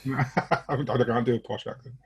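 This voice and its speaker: A man's voice: mid-range voice, fairly even intonation, fast, crowd noise. A Scottish man chatting as a co-host on a games podcast, jokey and laughing along. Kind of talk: casual chat.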